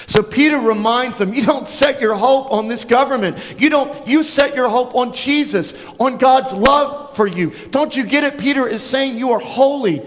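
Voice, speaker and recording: A man with a high-pitched voice preaches in a church, telling a Bible story to children. He tells it with animated energy and acts out the characters' lines. His voice rings with a long reverb through the sanctuary. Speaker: pastor.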